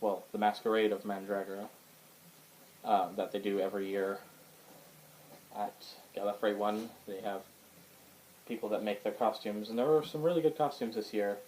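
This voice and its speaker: A man with a fairly low voice talks through his new books in a loose, rambling show-and-tell. He hesitates often, restarts his sentences and fills the gaps with ums. A faint hum of the room sits behind him. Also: steady tone, moderate pace, pauses often, a little mellow, poor audio. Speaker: book collector showing his collection. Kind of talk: casual show-and-tell vlog. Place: indoors at home.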